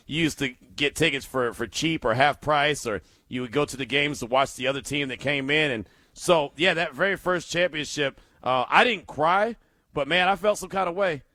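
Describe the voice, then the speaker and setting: A man hosting a call-in sports radio show, talking in an animated, emphatic way and laughing often. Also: mid-range voice, no room sound, clean studio sound.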